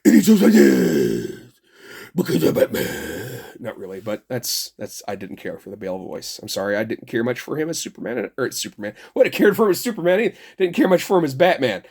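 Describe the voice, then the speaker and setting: A man's voice: mid-range voice, lively intonation, quick pace, hardly any pauses. Profane, rambling middle-aged man ranting. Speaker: toy reviewer. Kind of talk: casual ranting review.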